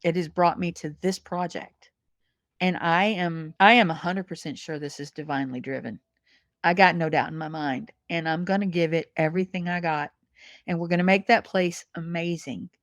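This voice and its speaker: A woman's voice: low voice, dry recording, clean studio sound. A woman speaking as a podcast guest, earnest and emotional, often repeating words. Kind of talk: heartfelt interview conversation.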